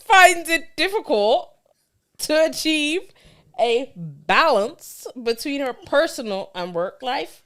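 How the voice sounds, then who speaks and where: A woman reading a short passage in a put-on Bajan accent, slow and halting as she tries to hold it. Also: sits high, lively intonation, a bit bright, voice pushed up, exaggerated voice. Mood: sheepish. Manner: slow, halting, breaking into laughter.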